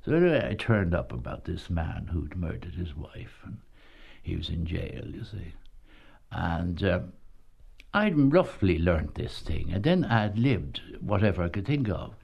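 Older male ex-actor, low gravelly voice, chuckling anecdotal storyteller. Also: sing-song, unhurried, a little mellow, muffled recording. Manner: chuckling storyteller, says "you see" often. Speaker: former travelling actor. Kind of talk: anecdotal reminiscence.

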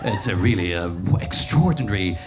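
A man's voice: sits low, lively intonation, fairly quick, voice pushed down. A man doing a comic impression of a scatterbrained radio DJ who rambles and laughs at himself. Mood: rambling. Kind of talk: stand-up impression.

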